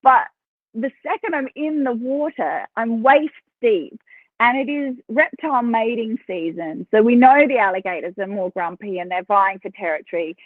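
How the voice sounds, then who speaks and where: A woman with an Australian accent, a podcast guest telling stories in a chatty, animated way and laughing between phrases. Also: fairly high pitch, moderate pace, no room sound. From South Australia. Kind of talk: casual interview storytelling. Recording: tinny phone line, dry.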